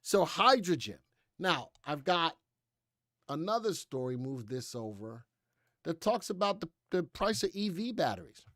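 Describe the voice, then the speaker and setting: A man's voice: fairly high pitch, sing-song, a little slow, a bit bright, no room sound, studio quality. An American man hosting a live stock market show in casual, chatty commentary, reading headlines aloud and skimming past parts. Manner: chatty, reads headlines aloud and skims with "blah, blah".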